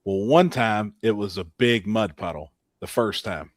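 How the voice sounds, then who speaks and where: A man hosting a casual podcast, telling racing-weekend stories with lively acted-out quotes and frequent laughter. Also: lowish voice, a little slow, dry recording. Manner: animated storyteller, laughs often, acts out quotes. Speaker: podcast host. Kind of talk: casual storytelling chat.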